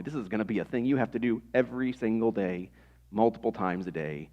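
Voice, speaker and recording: A man's voice: on the low side, a little fast, dull audio. A man in his thirties preaching a sermon in a conversational way, with rhetorical questions to the congregation. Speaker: pastor.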